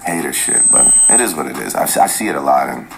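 Very deep-voiced man venting in a clip. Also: lively intonation, fast talker, vocal fry, soft background music. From Toronto. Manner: earnest, venting, says like a lot. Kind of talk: interview clip played on the show.

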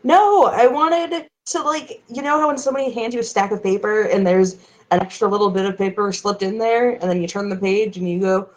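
A woman's voice: medium pitch, fast talker, poor audio. A woman playing a tabletop game, explaining her plans in a rambling, hesitant way full of fillers. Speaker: player. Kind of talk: casual tabletop game chat.

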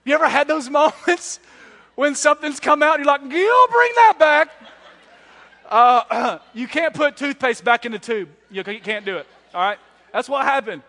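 A man in his thirties preaching a sermon in a reverberant hall. His voice sits high and sounds bright and forceful. He tells animated, self-deprecating stories between points. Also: moderate pace. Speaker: guest preacher. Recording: echoey hall.

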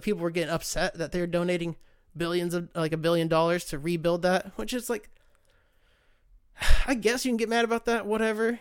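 A man's voice: high voice, clear, resonant tone. An American man hosting his own podcast, talking in a rambling, profane, fired-up rant. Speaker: podcast host. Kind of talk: casual solo rant.

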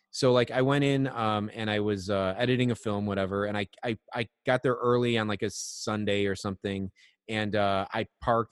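A man's voice: fairly low pitch, no echo, clean studio sound, big-room sound. A man co-hosting a podcast, telling a long, loose, profane story in casual chat. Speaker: podcast co-host.

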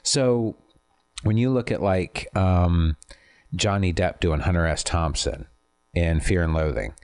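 A man in casual conversation, explaining his views in a thoughtful, measured, self-deprecating way. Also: sits low, expressive, darkish tone. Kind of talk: casual chat.

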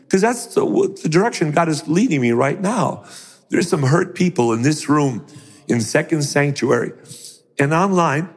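A man's voice: fairly high pitch, slightly rough, long reverb tail. A middle-aged man preaching a sermon who acts out the voices of the people in his stories. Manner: animated, acts out voices in quotes.

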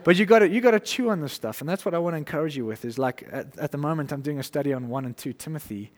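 A man's voice: fairly high pitch, racing, noisy background. Casual preacher man in a reverberant hall. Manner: conversational, animated, acts out quotes with laughs. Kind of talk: informal sermon.

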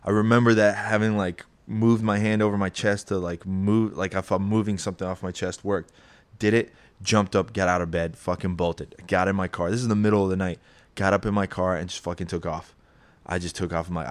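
A man's voice: sits low, fairly quick. Profane rambling man telling a story. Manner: profane, rambling, animated when quoting. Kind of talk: casual storytelling of a personal ghost experience.

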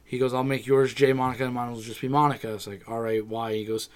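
A man's voice: mid-range voice, level tone, fast. Een man in casual gesprek die met veel gevloek brutaal zijn verhalen vertelt. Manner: brash storyteller, swears freely. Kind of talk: casual chat.

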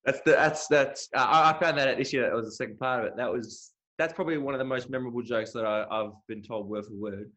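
A young man from Australia, a comedian, chatting casually and telling jokes with animated character voices. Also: medium pitch, fast talker, few pauses.

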